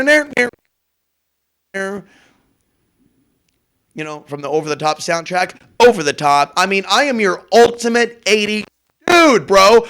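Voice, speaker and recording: A man's voice: high voice, sharp tone. A man hosting a morning show in a rambling, profane, brash casual monologue. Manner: brash, profane, jumps between topics. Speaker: host.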